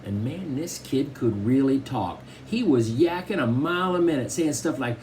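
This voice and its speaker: A man narrating a children's novel in the first person, in a conversational, expressive way. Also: mid-range voice, moderate pace, slight background noise, rough recording. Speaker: audiobook narrator.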